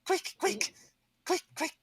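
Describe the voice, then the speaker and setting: A man voicing small excitable goblins who chatter in a hurried, squeaky way. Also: recorded from a distance. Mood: frantic.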